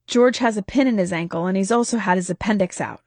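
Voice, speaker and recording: A woman voicing a tired, worried husband who talks quietly and soothingly. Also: medium pitch, fast talker, no room sound, lightly acted. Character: weary worried husband, gentle and protective.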